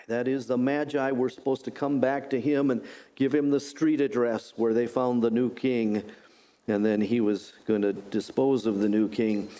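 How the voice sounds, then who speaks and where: A middle-aged male pastor preaching a sermon, deliberate and repeating key phrases for emphasis. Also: medium pitch, warm tone.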